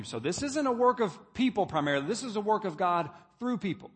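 A man's voice: high voice, big pitch swings, brisk, hardly any pauses, husky, long reverb tail. A man preaching a sermon, building to emphatic points as he reads scripture. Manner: preaching, reading scripture aloud with rising emphasis. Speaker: pastor.

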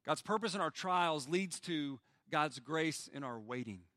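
A man preaching a sermon as pastor, swinging from loud pleading lines to hushed, quiet ones. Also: fairly high pitch, animated, a little slow, no room sound, studio quality.

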